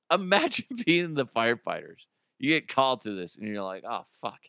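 A man's voice: mid-range voice, vocal fry, pushed and bright, clear, resonant tone, no room sound, clean studio sound. A man hosting a comedic solo podcast, joking animatedly and laughing often. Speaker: podcast host.

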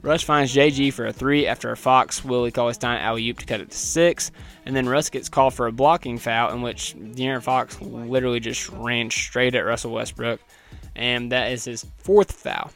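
A man casually recapping a basketball game from his notes as a podcast host, chatty and wry, with a voice that is not deep. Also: fairly even intonation, normal speed, gravelly, a bit bright, soft background music.

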